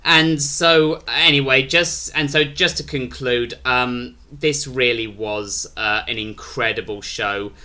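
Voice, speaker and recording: A man's voice: mid-range voice, fairly even intonation, slow, few pauses, pushed and bright. A British man rambling through a casual review of a wrestling show, restarting his sentences often. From Britain.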